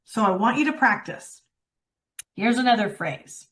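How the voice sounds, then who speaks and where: A woman coaching public speaking, talking expressively and demonstrating lines with dramatic pauses. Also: a little high, big pitch swings, fairly bright tone. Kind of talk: workshop presentation.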